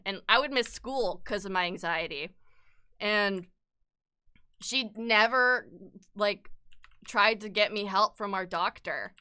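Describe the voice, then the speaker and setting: Young woman streamer, frank casual chat, smooth and sharp voice. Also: medium pitch, normal speed. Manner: candid and frank, swears freely; upset, close to tears at times.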